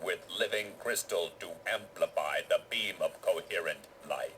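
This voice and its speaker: An actor voicing a formal, stiff-talking alien race of machine and crystal beings in a video game. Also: male voice, low voice, over a noisy crowd, close to an everyday voice, poor audio. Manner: formal, measured, stiff delivery.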